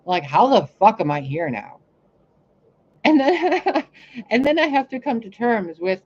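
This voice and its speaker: A woman talking in a casual, rambling monologue on her channel, cursing often and swinging between loud outbursts and quiet asides. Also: on the high side, big pitch swings, measured pace, pauses often, slightly rough, dull audio. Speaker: spiritual reader and channel host.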